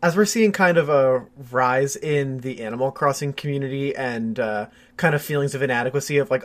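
Easygoing young man, steady mid voice. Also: mid-range voice. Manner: measured, explanatory, hedging with fillers. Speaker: podcast co-host. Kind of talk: casual chat.

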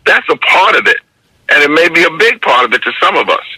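An older man with a New York accent, talking in a measured, reflective way during an interview and often checking in with "you understand?". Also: on the high side, sing-song, pushed and bright, slightly rough, dry recording, rough recording. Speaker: guest, basketball referee mentor.

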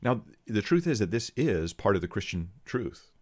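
A man's voice: lowish voice, sing-song, moderate pace, darkish tone. A man giving blunt, sarcastic Bible commentary to his viewers, reading verses and critiquing a teaching.

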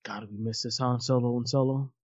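A man co-hosting a casual movie watch-along, animated and swearing casually, quick to laugh. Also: medium pitch, dry recording, muffled recording. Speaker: podcast co-host.

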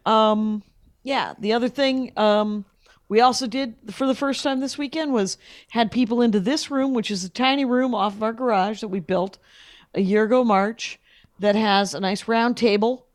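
A woman's voice: on the high side, moderate pace. Wry middle-aged woman telling stories. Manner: chatty, wry, lively storyteller who tells stories with punchlines. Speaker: comedian guest. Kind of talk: casual storytelling interview.

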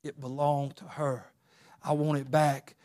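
Fervent male preacher, higher voice. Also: level tone, measured pace. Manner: builds from quiet talk to loud fervent preaching. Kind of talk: sermon.

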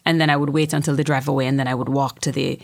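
Low-voiced Jamaican woman telling her story. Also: level tone, racing, gravelly. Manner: emphatic, repeats words when starting sentences. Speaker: poet and memoirist guest. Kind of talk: candid personal storytelling.

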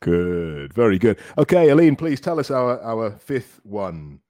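Lively-voiced man teaching English pronunciation. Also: lowish voice, no echo, studio quality. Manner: encouraging, repeats words slowly for practice. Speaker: English teacher and podcast host. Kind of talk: podcast pronunciation lesson.

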